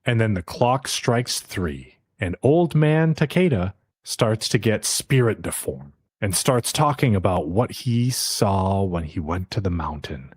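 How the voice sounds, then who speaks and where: A man's voice: fairly low pitch, expressive, measured pace, few pauses, darkish tone, slightly rough. A man co-hosting a podcast, casually recapping an anime episode and briefly putting on the characters' voices as he retells scenes. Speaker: podcast co-host. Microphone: podcast mic.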